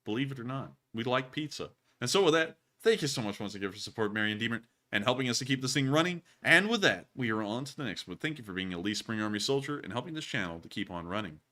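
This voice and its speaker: Bright-voiced man chatting casually. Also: medium pitch, expressive, quick pace, hardly any pauses. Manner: rambling, filler-heavy, repeated sign-offs. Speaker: host. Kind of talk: casual live-stream chat answering viewer messages.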